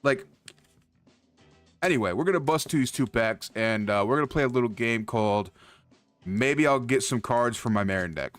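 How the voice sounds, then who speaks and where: A man's voice: medium pitch, normal speed, long pauses, a bit bright, no room sound, faint music behind. A man streaming from home, ranting heatedly about card pack prices, swearing constantly and repeating himself as he gets worked up. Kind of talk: profane heated rant to stream chat. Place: indoor streaming setup.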